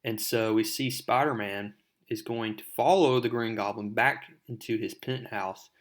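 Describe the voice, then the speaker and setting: A man's voice: lowish voice, steady tone, normal speed. A man walks through a comic book issue in a casual, rambling way. He leans on fillers as he retells each scene.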